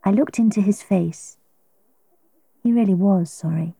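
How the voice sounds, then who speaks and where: Woman, storybook narration, deliberate, dark mellow voice, dry close sound. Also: mid-range voice, vocal fry, husky, no room sound. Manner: slow, deliberate reading.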